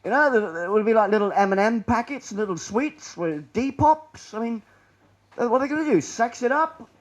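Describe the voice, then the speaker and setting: A man giving a public presentation in a lecture room, rambling and sardonic, often trailing off quietly. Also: high-pitched, animated, fairly quick, muffled recording.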